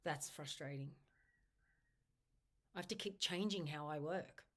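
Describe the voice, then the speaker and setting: A woman leading a guided tapping exercise, speaking slow, repetitive first-person affirmations. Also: low voice. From Australia. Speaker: EFT tapping instructor. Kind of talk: guided tapping script spoken aloud.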